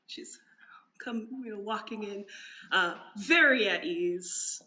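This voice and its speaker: A woman describing a character at a tabletop game in a chatty way, full of fillers. Her voice is bright and forward. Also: mid-range voice, lively intonation, takes it slowly. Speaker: player.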